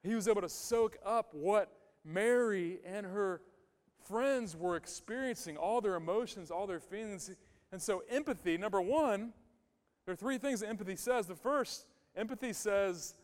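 A man's voice: high voice, moderate pace. A male pastor giving a conversational sermon, emphatic and repeating his key phrases. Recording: long hall reverb.

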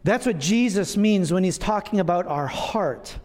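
Middle-aged male pastor, light high voice, casual self-deprecating sermon delivery, church with a long echo. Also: lively intonation, moderate pace, darkish tone. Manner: conversational, self-deprecating humor. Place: church sanctuary.

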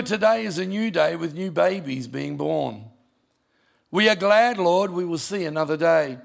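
Gravelly older male pastor. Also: fairly high pitch. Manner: emotional, conversational storytelling with asides. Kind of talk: sermon storytelling.

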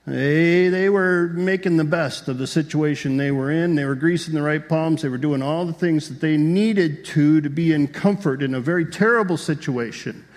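With a voice on the high side, a man delivers a sermon at a moderate pace and barely pauses, bringing the story to life and firing rhetorical questions at the congregation. The recording carries the lengthy reverb of a large hall.

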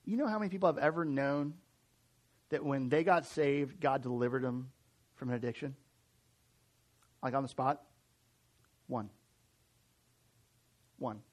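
With a medium-pitched voice and an even pace, an American pastor in his forties preaches to his congregation, leaving long pauses. His delivery is conversational and animated, with many restarted sentences.

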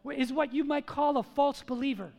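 A pastor preaching a sermon, swinging from loud, emphatic calls to hushed storytelling. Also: male voice, extremely high pitch, moderate pace, gravelly, big-room sound.

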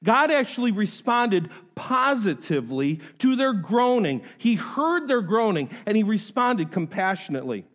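Male pastor preaching with wide pitch swings, recorded in a reverberant hall. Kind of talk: sermon.

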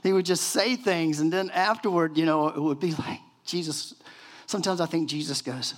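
An older man in his sixties preaching from the pulpit, his voice pitched a touch higher than most men's. He tells stories casually and with animation, leaning on fillers as he acts out the scenes he describes. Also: normal speed. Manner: animated storytelling with many fillers and acted-out quotes. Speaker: pastor. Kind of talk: sermon.

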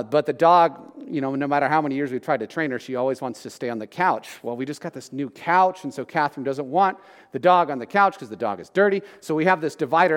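Joking man preaching in a reverberant hall. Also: on the high side. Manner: conversational, joking, asks the congregation questions. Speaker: pastor. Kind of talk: sermon.

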